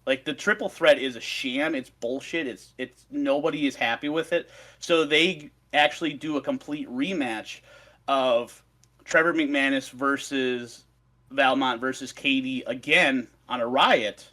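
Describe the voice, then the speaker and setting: A man's voice: mid-range voice, a little slow, sharp tone. A man on a podcast, recounting a story in a swearing, ranting casual chat. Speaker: podcast co-host presenting research.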